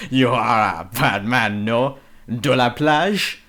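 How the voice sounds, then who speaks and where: A man putting on an overdone French accent to mock game soldiers, halting with drawn-out uhs. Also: mid-range voice, fairly bright tone. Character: mock French squad, male, overly thick accent.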